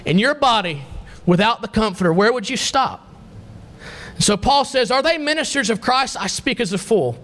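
A man with a high-pitched voice preaches a sermon. He reads scripture aloud and keeps asking the congregation questions. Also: lively intonation, moderate pace, a bit bright.

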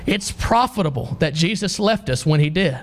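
A man's voice: a little high, lively intonation, normal speed. A man preaching a sermon to a congregation, reading scripture and asking the listeners pointed questions.

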